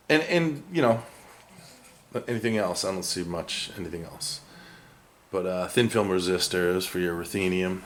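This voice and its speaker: A man with a low voice chats in a loose, rambling way, full of fillers and side remarks. He sounds a little off the mic in an echoey workshop. A faint hiss sits behind him. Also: distant mic. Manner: rambling, many fillers, chatty and opinionated. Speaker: electronics scrapping hobbyist. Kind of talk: casual rambling talk while working.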